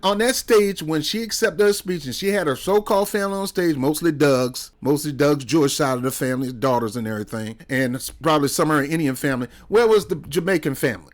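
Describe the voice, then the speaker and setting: A man's voice: fairly high pitch, fast talker, few pauses. A male commentator speaks in loose, heated stretches, circling back with rhetorical questions and sarcastic jabs. His voice sits a little above the usual male range. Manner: heated, rambling, with sarcastic asides. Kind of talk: casual political commentary.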